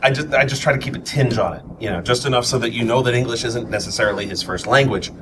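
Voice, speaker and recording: A man from New York with a New York accent, a voice actor chatting casually and restarting often. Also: medium pitch. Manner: fast, stammering restarts. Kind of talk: casual chat. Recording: distant mic, noisy room.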